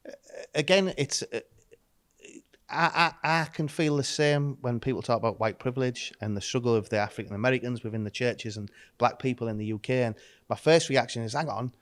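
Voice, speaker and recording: A man's voice: medium pitch, fairly even intonation, brisk, no room sound, studio quality. A man speaking as a pastor guest on a podcast, earnest and reflective. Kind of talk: casual discussion.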